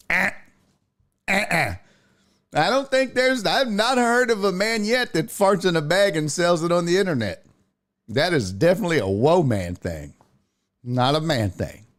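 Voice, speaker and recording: A man with a fairly high voice hosts a laid-back talk stream, reading chat comments aloud and joking about them. His pitch swings widely as he riffs, and he takes his time, swearing freely in loose banter. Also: expressive, measured pace, pauses often, a bit bright. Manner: loose, profane, riffing banter. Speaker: sports talk show host. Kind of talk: casual livestream chat reading viewer comments.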